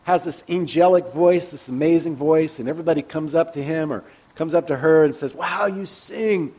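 A man with a somewhat high voice preaching in an easygoing, conversational way. He speaks candidly and personally, as a pastor talking with his congregation. He often lets his words trail off into quiet, hushed asides. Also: steady tone, a little fast. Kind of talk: conversational sermon.

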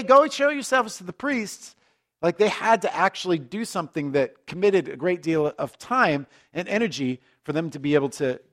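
A man preaching a conversational sermon, joking in asides and restarting his sentences as he explains the scripture. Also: on the high side. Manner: conversational, self-deprecating, frequent restarts and asides. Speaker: pastor.

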